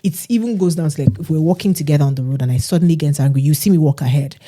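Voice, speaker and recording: A woman chats on a podcast in a low, mellow voice. She tells her stories with animation and slips into other people's voices as she goes. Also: very fast. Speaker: podcast co-host. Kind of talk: casual chat.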